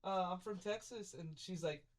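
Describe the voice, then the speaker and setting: A man's voice: high voice, normal speed. A young man telling a rambling story on a casual chat podcast. He leans on filler words, acts out other people's lines and laughs often as he goes.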